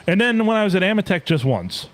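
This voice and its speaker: A man's voice: high-pitched, sing-song, fast talker. A male podcast host in casual, jokey chat who laughs often.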